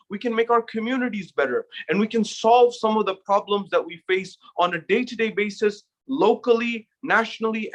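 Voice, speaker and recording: A man giving a measured sermon, opening with Arabic recitation and posing rhetorical questions to the audience. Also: high voice. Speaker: speaker at an Islamic center.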